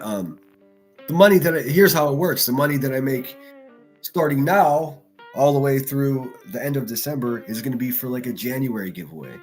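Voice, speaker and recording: Guy ranting on his stream, swears a lot, mocks people, some music faint behind. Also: mid-range voice. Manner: crude, mocking, ranting, quick shifts in loudness. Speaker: livestream host. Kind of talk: profane livestream rant.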